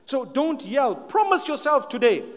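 High-voiced male preacher in a reverberant hall. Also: sing-song, a little slow. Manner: emphatic, repeats key phrases, light humorous asides. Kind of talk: sermon to a live audience. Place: large hall with an audience.

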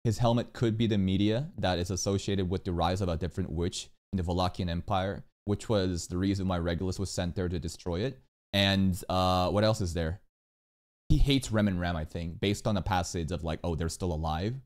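A low-pitched man streaming a casual reaction, talking through what he watches. He swears freely, and his voice shoots up into loud, excited rants. Then it drops back into an easygoing explanation. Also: brisk.

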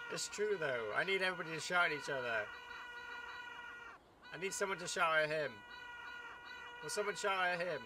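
A man commentating on a video game as he plays, excitable and chattering, cheering the game on. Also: on the high side, moderate pace, pauses often. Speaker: gaming YouTuber. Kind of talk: let's play commentary. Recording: loud background noise.

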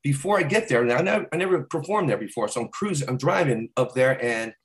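A man's voice: mid-range voice, animated, fast. A man, a stand-up comedian, telling a rambling story as a podcast guest. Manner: rambling, restless, slips into impressions. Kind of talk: storytelling in a casual interview.

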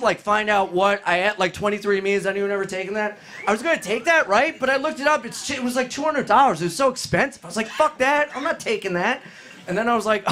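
A man performing a live stand-up set, loud and profane, talking to the crowd and breaking into shrieking bits. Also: sits high. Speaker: stand-up comedian. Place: comedy club with live audience. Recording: noisy live club recording.

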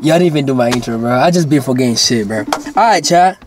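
Man, casual vlog chat, mid-pitched, slangy, rambling, swears a lot. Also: animated, quick pace, background noise. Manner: rambling slangy talk, swears, says bro constantly. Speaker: vlogger.

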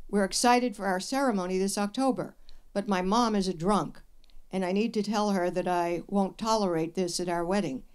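This is an older woman with a voice of ordinary pitch for a woman. She hosts a live advice show, and her answers are blunt and dryly funny. She tells her stories with plenty of energy. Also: smooth. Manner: blunt, wry, lively storyteller. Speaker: radio advice host. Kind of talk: live show talk with an audience. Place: radio studio with live audience.

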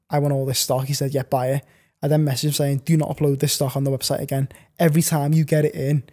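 A young man, an online reseller, is a guest on a casual podcast, telling long rambling stories packed with fillers and restarts. His voice is fairly high and mellow.

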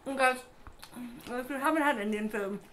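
A woman with a bright, forward voice raves about food in casual talk. She is playful and enthusiastic and drops slang as she eats. A faint hiss of noise sits behind her. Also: sits high, normal speed. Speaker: co-host of a couple's channel. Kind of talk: casual mukbang chat.

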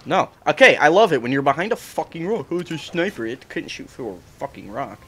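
A man's voice: a little high, big pitch swings, brisk, bright, forceful tone, a little hiss or hum. A young man ranting and swearing in frustration while commenting on his own gameplay. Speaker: gaming streamer.

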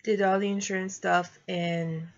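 A woman's voice: mid-range voice, level tone, unhurried, dull audio. A young adult woman vlogging, telling a personal story in a rambling, casual way and laughing through it.

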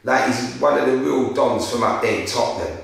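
A young man with a London accent, an interviewer telling a story in a casual, animated way, full of street slang. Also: mid-range voice, fairly quick, creaky. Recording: very echoey room, far from mic.

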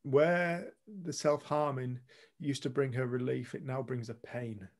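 Gravelly man telling it straight. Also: medium pitch, steady tone, measured pace. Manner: blunt, earnest, swears casually. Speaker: retreat co-host. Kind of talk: candid storytelling talk to a group.

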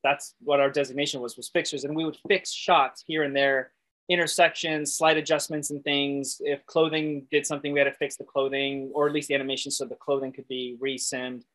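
A man being interviewed, telling work stories in a lively, laughing way and acting out what others said. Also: medium pitch, fairly quick. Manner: animated, acts out quoted voices, laughs often. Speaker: guest animator. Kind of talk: casual interview storytelling.

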